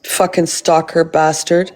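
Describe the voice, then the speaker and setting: A woman's voice: deep voice, little pitch movement, unhurried, darkish tone. A Canadian woman hosting a livestream, blunt and foul-mouthed as she scolds and comments. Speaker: livestream host.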